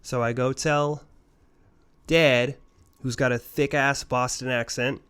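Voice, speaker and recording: A man's voice: medium pitch, fairly even intonation, slow pace, fairly bright tone, smooth. A man co-hosting a casual podcast, telling a rambling ghost story full of swearing. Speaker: podcast co-host.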